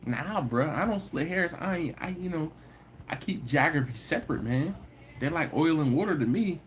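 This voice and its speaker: A man's voice: fairly high pitch, lively intonation, normal speed, slight background noise. A man hosting a live stream. He talks casually with viewers, tells stories, laughs often and acts out the people he quotes. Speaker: host of a live barbecue channel stream.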